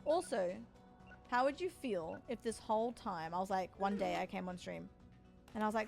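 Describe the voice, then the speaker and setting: A woman's voice: medium pitch, moderate pace, gravelly, darkish tone, soft background music. An Australian woman in her forties, streaming and chatting casually with her viewers, teasing and joking as she answers chat. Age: 40s.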